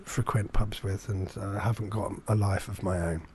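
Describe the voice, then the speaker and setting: A man's voice: fairly low pitch, fairly even intonation, normal speed, a little mellow, a little hiss or hum. A man, telling a rambling, self-deprecating story in casual chat, full of fillers and restarts. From England.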